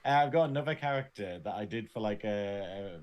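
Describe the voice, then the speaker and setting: A man's voice: fairly low pitch, expressive, fairly quick. A man with an English accent co-hosting a casual review chat, rambling and laughing often. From Northern England. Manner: giggly, rambling chatter. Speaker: podcast co-host.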